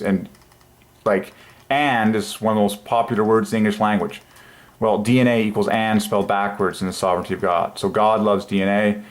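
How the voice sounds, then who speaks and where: A man hosting his own channel, musing aloud at his computer in an enthusiastic, halting way with many fillers. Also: lowish voice. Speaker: channel host. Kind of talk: religious numerology screen talk.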